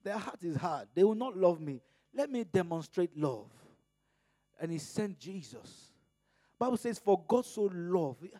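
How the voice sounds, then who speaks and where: Man, preacher, from Nigeria, high-pitched, mellow tone, fervent sermon, loud-soft swings, dry close sound. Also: big pitch swings, unhurried, no room sound.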